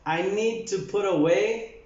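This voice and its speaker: A man teaching an English lesson to Spanish speakers, speaking slowly and repeating words for practice. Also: high voice, darkish tone. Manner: slow, repeats words for drills. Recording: echoey, dull lo-fi room sound.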